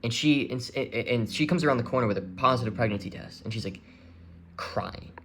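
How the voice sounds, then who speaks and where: A young man speaking candidly to his audience, earnest and open, with halting restarts as he searches for words. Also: medium pitch, a bit bright, slight background noise. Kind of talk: candid personal confession.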